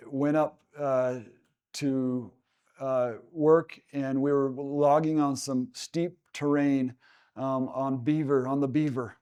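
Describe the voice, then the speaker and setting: A young adult man from Utah, speaking as a guest at a seminar, tells a personal story haltingly, with many fillers and restarts, and grows emotional. His voice is a little high, clean, and dark in tone.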